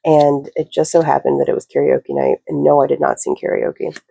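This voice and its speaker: A woman's voice: low-pitched, flat delivery, brisk, vocal fry, warm tone, slightly rough, no echo, poor audio. A woman giving a casual spoken reading to camera, rambling with lots of fillers and the odd swear word.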